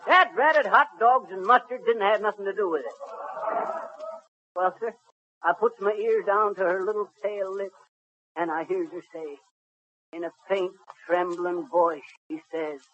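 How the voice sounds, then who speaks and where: Boastful tall-tale spinner, high and folksy, 1930s radio comedy. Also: male voice, steady tone, unhurried. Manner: blustering, folksy, rambling storyteller with ungrammatical speech. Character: boastful middle-aged male braggart spinning tall tales. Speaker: comic lead telling a tall tale. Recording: muffled 1930s radio recording with faint hiss.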